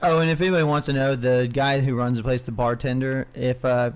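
A man co-hosting a podcast in casual banter, excitable and jokey, now and then breaking into shouts. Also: medium pitch, fairly quick, clear, resonant tone. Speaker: podcast co-host.

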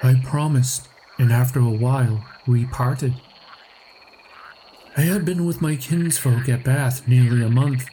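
A man narrating a story podcast in a slow, measured scripted reading. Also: mid-range voice, dark tone, a little hiss or hum.

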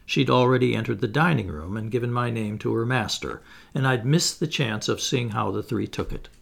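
Gravelly male audiobook narrator. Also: medium pitch, a bit bright. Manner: first-person storytelling, measured. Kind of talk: audiobook reading of a classic novel.

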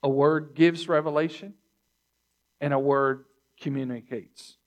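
Pastor, male, measured sermon delivery; unhurried pace, voice on the higher side. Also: steady tone, highs cut off. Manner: slow, deliberate teaching with repeated phrases; throat clearing between points.

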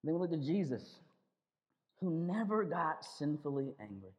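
Male pastor, high-pitched, chatty sermon delivery with repeated words; reverberant, muffled recording. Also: big pitch swings, moderate pace. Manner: conversational, repeats words, calls on listeners with 'listen'. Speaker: preacher. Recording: long reverb, dull lo-fi sound.

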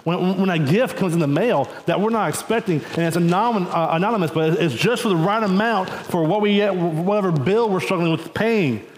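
A man with a fairly high voice preaches in a relaxed, storytelling way, often turning to the congregation with "right?" and "y'all." His voice rings through a reverberant church hall, and the long tail of the echo hangs after each phrase. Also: normal speed, few pauses. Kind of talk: conversational sermon. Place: church sanctuary.

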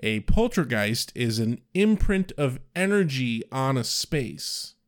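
A man's voice: mid-range voice, big pitch swings, takes it slowly. A man co-hosting a casual recap chat, dry and explanatory, swearing casually. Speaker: podcast co-host.

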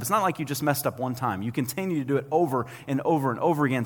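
A man in his thirties preaching a sermon as a pastor, talking conversationally and acting out quotes in an animated way. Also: on the high side, quick pace, hardly any pauses, long reverb tail.

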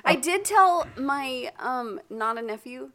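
A woman's voice: high-pitched, lively intonation, takes it slowly, fairly bright tone. A woman in her forties co-hosting a casual podcast, telling stories frankly with giggles. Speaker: podcast co-host.

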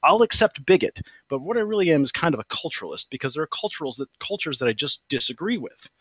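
A man's voice: fairly high pitch, lively intonation, fast talker, fairly bright tone, slightly rough, no room sound. A man in his forties calling in to a show and telling a story about his mother, laughing at his own jokes. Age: 40s. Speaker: caller. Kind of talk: casual call-in chat. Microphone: call over voice chat.

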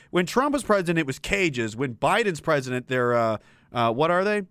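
A man's voice: a little high, very animated, moderate pace, fairly bright tone, clear, resonant tone, no echo, studio quality. A man giving ranting political commentary, sarcastic and exasperated, with swearing.

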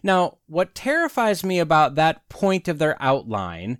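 A man's voice: a little high, huge pitch swings, unhurried, hardly any pauses, a bit bright, clean tone, no echo, studio quality. A man in his forties hosting a podcast, delivering a sardonic casual monologue full of rhetorical questions. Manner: sardonic, rhetorical questions, chuckles at own jokes. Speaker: podcast host.

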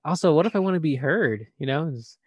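Dude reading fan questions on a podcast, kinda high voice, laughs a lot, dry close sound. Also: male voice, animated, fast, husky, dry recording. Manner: laughing, jokey, acts out bits in whispers. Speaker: podcast co-host. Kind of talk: casual chat.

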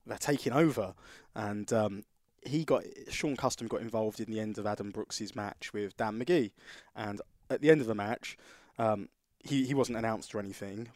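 A man's voice: fairly low pitch, a little mellow, no room sound, clean studio sound. A man co-hosting a podcast, talking casually and telling rambling stories full of restarts. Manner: rambling storyteller, restarts sentences. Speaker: podcast co-host.

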